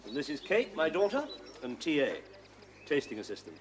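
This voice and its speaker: A man's voice: fairly high pitch, big pitch swings, normal speed, a little hiss or hum. An actor playing a fussy middle-aged father who rambles on as he gets ready to judge wines in a TV comedy drama.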